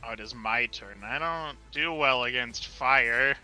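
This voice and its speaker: Bright-voiced joking male player. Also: mid-range voice, unhurried, faint music behind, low-quality recording. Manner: joking, laid-back. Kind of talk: casual tabletop game chat.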